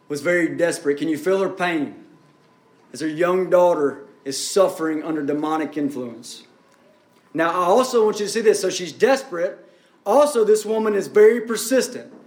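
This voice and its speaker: A man's voice: high voice, darkish tone, echoey room. A man preaching a sermon as pastor, building up and easing off in intensity. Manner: preaching with rising and falling intensity.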